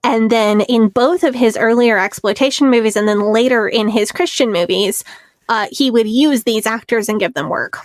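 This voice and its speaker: Chatty higher-pitched woman podcaster. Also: no room sound. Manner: chatty, laughs often, retells scenes with quotes. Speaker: podcast co-host. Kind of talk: casual podcast chat.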